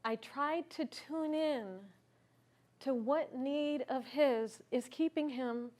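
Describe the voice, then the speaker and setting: A woman's voice: high voice, takes it slowly, a little mellow. A woman speaking at a conference, telling a personal story in an earnest, reflective way and asking the audience questions. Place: conference stage.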